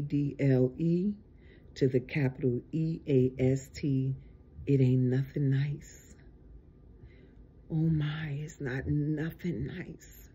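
An online preacher giving an informal video sermon, tired and exasperated, with drawn-out, emphatic exhortations. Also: medium pitch, dark tone, slightly rough, highs cut off.

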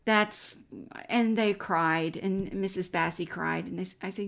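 Middle-aged woman with a gravelly edge. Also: mid-range voice, steady tone, measured pace. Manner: warm, earnest storytelling that drops to a near-whisper at times. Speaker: Christian speaker. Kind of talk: personal faith testimony, storytelling.

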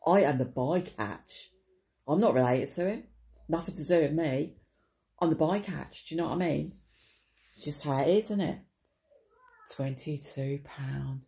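A woman spins a rambling, wry tale straight to camera, her voice low-toned, dark and gravelly. She swears offhandedly and keeps checking in with little tag questions, repeating her punchlines. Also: brisk, long pauses. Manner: chatty, full of tag questions and repetition. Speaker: vlogger. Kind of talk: rambling comic storytelling to camera.

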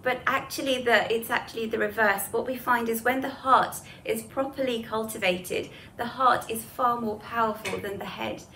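A woman's voice: on the high side, fairly even intonation, moderate pace, hardly any pauses, bright, forceful tone, a little hiss or hum. Conversational woman giving a moral talk. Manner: conversational and explanatory, with asides and light laughter. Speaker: speaker giving a talk on Hinduism to students. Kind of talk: spoken moral lesson with storytelling.

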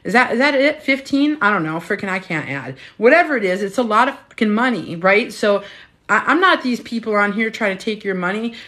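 Frank, animated woman in her fifties. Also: medium pitch, a little fast. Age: 50s. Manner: frank and animated, swears freely. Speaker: menopause health coach. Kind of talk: casual live-stream chat. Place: her home. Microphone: phone.

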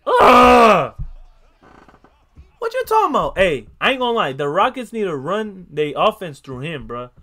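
A young man hosting a casual basketball reaction video, excitable and slangy, swearing and breaking into loud outbursts. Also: sits high, fairly quick, hardly any pauses. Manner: slangy, repeats catchphrases. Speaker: YouTube reaction host.

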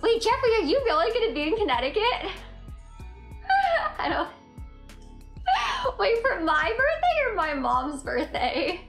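A woman livestreaming from home on her phone and chatting with viewers. She is giggly and excitable and rambles from comment to comment. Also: very high voice, a little slow, long pauses. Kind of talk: casual live chat reading comments. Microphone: phone mic. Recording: echoey room with faint music.

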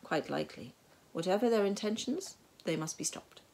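A woman voicing a brisk, sharp-witted woman detective who gives clipped, commanding orders in a hushed voice. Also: on the low side, lively intonation, creaky, a little hiss or hum. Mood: dry, decisive. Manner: clipped, bossy, hushed urgency.

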